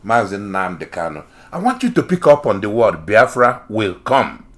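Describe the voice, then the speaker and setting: A man's voice: fairly low pitch, big pitch swings, normal speed. A man reading an article aloud and commenting on it. He talks in an emphatic, repetitive and sarcastic way.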